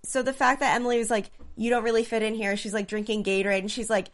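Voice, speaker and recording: A woman hosting a casual TV recap chat who talks in an animated, mocking way. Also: on the high side, quick pace. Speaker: show host.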